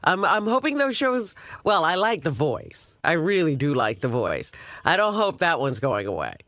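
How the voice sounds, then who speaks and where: High, lively co-host asking quick questions. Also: male voice, no echo. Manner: quizzical, prompting questions, laughs easily. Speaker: radio co-host. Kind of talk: casual radio banter. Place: radio studio.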